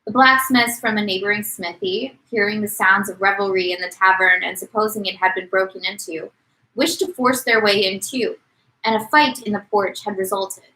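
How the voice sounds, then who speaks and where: A woman's voice: medium pitch, steady tone, normal speed, bright, forceful tone, poor audio. A woman co-hosting a podcast, reading a novel aloud and acting out the quotes. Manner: reads with dramatic voices for quotes. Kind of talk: casual read-aloud podcast.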